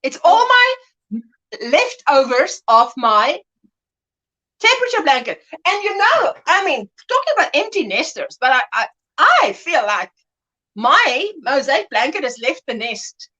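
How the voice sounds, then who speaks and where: High-pitched chatty woman host. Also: very animated, a little slow, sharp tone, rough recording. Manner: chatty, rambling, laughs often; greets viewers and acts out little scenes. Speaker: livestream host. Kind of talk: casual livestream chat.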